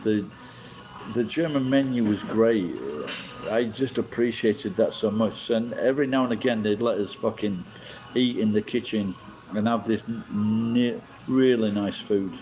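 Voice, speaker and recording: A man's voice: on the low side, fairly even intonation, unhurried, a little mellow, faint music behind, rough recording. A middle-aged man from England, hosting a rambling, casual livestream chat and swearing bluntly as he shares strong opinions. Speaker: livestream host.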